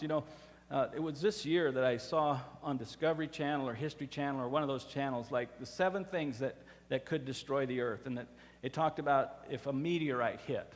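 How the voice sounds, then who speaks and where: A man preaching a sermon as pastor, in a conversational style with fillers and restarts, from a church sanctuary. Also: fairly high pitch. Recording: reverberant church hall.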